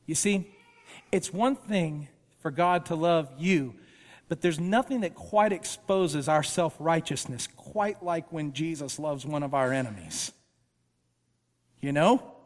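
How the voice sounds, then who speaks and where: A man preaching as a guest speaker, animated and emphatic, with casual asides. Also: on the high side, takes it slowly, big-room sound. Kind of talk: sermon. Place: church auditorium.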